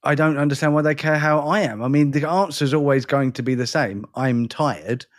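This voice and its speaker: A man's voice: on the high side, moderate pace. A tired English man with an accent between London and educated, chatting casually as podcast co-host, rambling and self-deprecating. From England. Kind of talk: casual chat.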